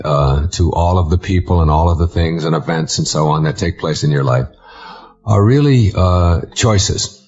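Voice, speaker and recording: A man explaining a self-help idea in long, measured sentences with some fillers. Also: deep voice, darkish tone, highs cut off. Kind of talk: explanatory talk.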